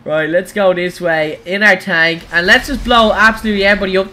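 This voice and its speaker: An Irish woman livestreaming gameplay, giggling often and breaking into excited squeals and shouts. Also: medium pitch, fairly quick, hardly any pauses, a little hiss or hum. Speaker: gaming livestreamer. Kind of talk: live gameplay commentary.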